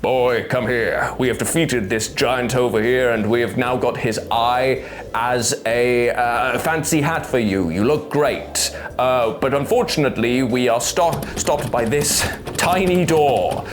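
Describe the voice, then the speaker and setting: A narrator voicing a hulking, stern warrior god speaking to his son in a slow, heavy, gruff delivery. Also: medium pitch, background noise, lightly acted.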